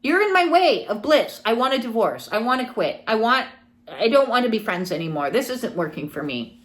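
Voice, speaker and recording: Animated woman spiritual coach. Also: a little high, moderate pace. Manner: animated, acts out quoted people. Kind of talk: casual teaching monologue.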